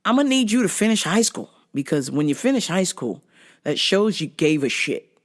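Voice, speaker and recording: A man's voice: sits high, sing-song, moderate pace. A man hosting a podcast, telling stories casually, swearing freely and laughing at his own jokes. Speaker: podcast host. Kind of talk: casual storytelling monologue.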